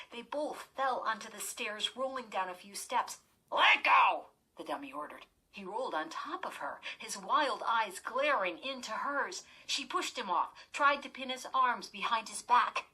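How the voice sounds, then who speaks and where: A woman reading a horror story aloud as an audiobook narrator, slow and dramatic. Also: medium pitch, sharp tone, slightly rough, poor audio.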